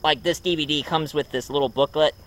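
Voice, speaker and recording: A man's voice: a little high, fairly even intonation, a little fast, a bit bright. A man casually reviewing a movie at home, rambling with many ums and uhs. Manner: rambling, full of ums and uhs, chuckles often.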